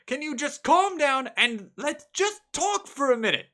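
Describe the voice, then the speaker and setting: A man voicing a bewildered, indignant human traveler in a tabletop game, speaking slowly and pleading for calm. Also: a little hiss or hum, heavily acted. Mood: exasperated. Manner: shrill, slow, exasperated. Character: flustered indignant human man, high-pitched.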